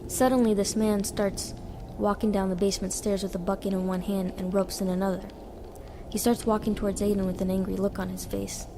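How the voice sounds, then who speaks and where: A woman reading her own short story aloud in a plain, steady way. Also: medium pitch, brisk, background noise. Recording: reverberant with background music.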